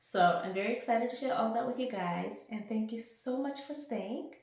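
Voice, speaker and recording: A young woman vlogging to camera in a rambling, chatty way at home, with bursts of excitement. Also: fairly high pitch, normal speed. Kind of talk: casual chat to camera. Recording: very echoey room.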